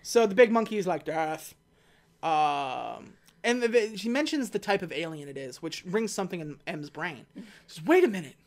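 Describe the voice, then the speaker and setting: A woman co-hosting a casual chat, retelling a film's plot and dropping into quick mock voices for the characters. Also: on the low side, lively intonation. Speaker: podcast co-host recapping a film.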